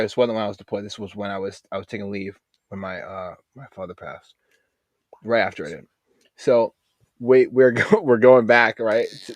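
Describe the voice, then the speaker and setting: A man, a Navy veteran, telling a rowdy story in casual podcast chat, swearing freely and jumping into loud quoted outbursts. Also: mid-range voice, no echo.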